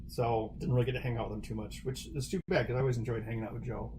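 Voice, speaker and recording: A man's voice: medium pitch, flat delivery, rapid-fire, noisy background. A man hosting a livestream in casual chat, rambling with frequent restarts and chuckles, speaking into a desk mic. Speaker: livestream host.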